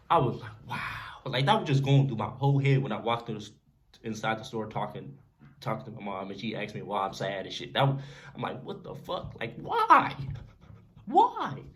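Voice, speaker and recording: Animated young man telling a story. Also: mid-range voice. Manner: animated, slangy storytelling with frequent "you feel me". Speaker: vlogger. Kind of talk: casual storytime.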